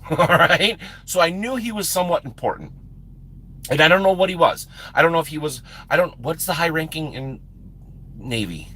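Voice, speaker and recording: A man telling a long personal story on a live stream, excitable and often laughing, repeating and restarting his words and swearing casually. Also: fairly high pitch.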